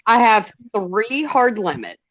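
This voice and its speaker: A woman chatting casually on a live stream, telling stories in an emphatic, expressive way. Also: medium pitch, slow pace, muffled recording. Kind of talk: casual chat.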